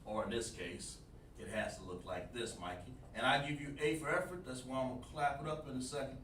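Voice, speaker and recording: A man's voice: medium pitch, a little fast, fairly bright tone. A man teaching a live-streamed language lesson, repeating himself and asking the chat for feedback. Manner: repetitive, coaching, asks the chat for feedback. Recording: echoey room, distant mic, faint noise.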